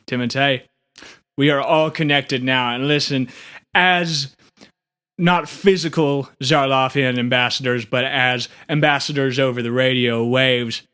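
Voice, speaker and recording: Man as small goofy alien co-host, smooth voice, rambles eagerly. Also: medium pitch, fairly even intonation, unhurried, sharp tone. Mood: earnest. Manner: rambling, dim, enthusiastic. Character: small earnest goofy male alien radio co-anchor. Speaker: radio co-anchor. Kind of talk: comedy audio drama.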